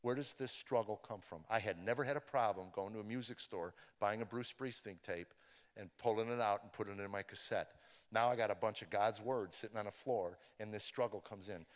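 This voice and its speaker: A man giving a testimony to a live audience, telling his story with stammers and restarts and building to excited intensity. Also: lowish voice, fairly quick. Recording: long hall reverb.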